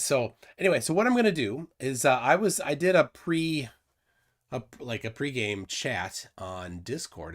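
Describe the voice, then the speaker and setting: Man, stream host, casual chat, rambling, lots of restarts, lively pitch. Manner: rambling, full of restarts and fillers. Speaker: livestream host.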